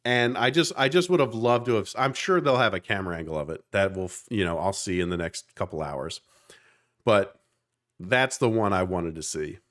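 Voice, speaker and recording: A man in his thirties co-hosts a podcast in a lowish voice. He talks in an earnest, animated way and builds his points with conviction. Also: moderate pace. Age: 30s. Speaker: podcast co-host. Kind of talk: casual chat.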